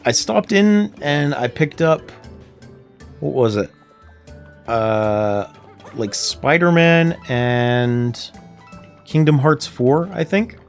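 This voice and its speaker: A man's voice: fairly high pitch, extremely slow, pauses often, faint music behind. Chatty Canadian man streaming a game. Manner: chatty, laughs often, animated storytelling. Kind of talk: casual gameplay livestream chat.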